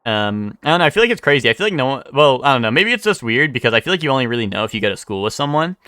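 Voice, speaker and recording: A man's voice: mid-range voice, very animated, racing, sharp tone, no echo, clean studio sound. A man streaming live, chatting casually with chat, rambling with many fillers and restarts and swearing freely.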